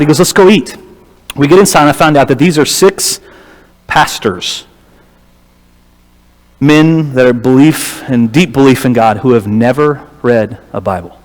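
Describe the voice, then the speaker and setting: A man telling a story as a church lecturer, with a humorous, lively manner. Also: medium pitch. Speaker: guest lecturer. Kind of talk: storytelling sermon. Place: church auditorium. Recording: reverberant hall.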